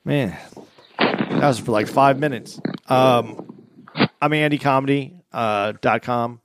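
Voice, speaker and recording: A man co-hosting a podcast in relaxed casual chat, often trailing off with fillers. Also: medium pitch, takes it slowly, noisy background. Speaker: podcast co-host.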